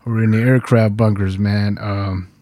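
A New Yorker in his forties, a Marine veteran, hosts a podcast and tells stories in casual chat, animated, laughing often and swearing freely. His voice is lowish, his pace moderate, and the recording dry.

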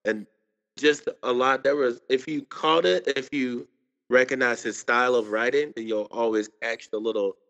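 A man's voice: medium pitch, fairly even intonation, normal speed, fairly bright tone, dull audio. A man co-hosting a casual podcast, hesitant and searching for his words. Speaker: podcast co-host. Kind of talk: casual chat.

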